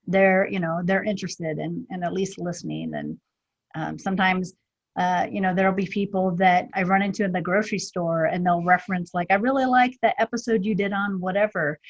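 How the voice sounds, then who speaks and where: A woman's voice: on the low side, animated, a little fast, muffled recording. A middle-aged woman guest, a business strategist, talking chattily with many fillers and quoted asides. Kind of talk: casual interview chat.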